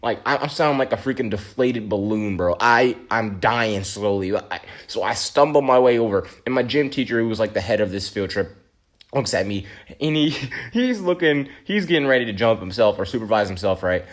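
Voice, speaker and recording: Animated man telling a storytime tale. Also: lowish voice, moderate pace. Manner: animated, dramatic, slangy retelling. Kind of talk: casual storytime monologue.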